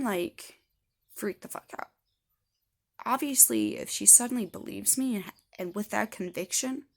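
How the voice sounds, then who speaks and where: A vlogger in her thirties tells her own story to the camera in a gravelly, mid-range voice. She's blunt and rambling, swearing heavily throughout.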